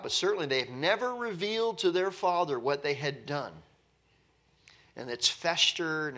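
Bright-voiced man teaching scripture. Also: on the high side. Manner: reads scripture aloud then explains it in plain talk; acts out the characters' speech in a conversational way. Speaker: Bible teacher. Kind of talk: verse-by-verse Bible teaching.

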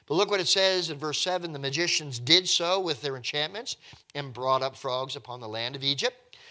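A man's voice: medium pitch, sharp tone. A male preacher giving a conversational Bible teaching, reading scripture aloud and breaking in with wry, joking asides.

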